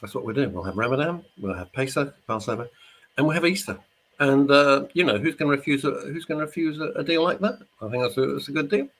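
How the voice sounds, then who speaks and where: A man's voice: medium pitch, lively intonation, fast, a bit bright. A middle-aged man hosting a radio show, chatting casually and jokingly while reading out listener messages. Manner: chatty, jokey, rambling. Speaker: radio host. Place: studio.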